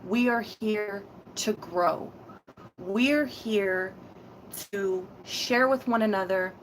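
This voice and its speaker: A woman's voice: medium pitch, slow pace, a little hiss or hum, rough recording. Firm, emphatic woman reading tarot. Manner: firm, emphatic, repeats key phrases; heated, intense delivery. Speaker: tarot reader.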